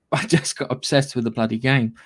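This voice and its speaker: A man's voice: medium pitch, steady tone, normal speed, husky. A man co-hosting a casual gaming news podcast, chatty and rambling, with casual swearing. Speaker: podcast co-host.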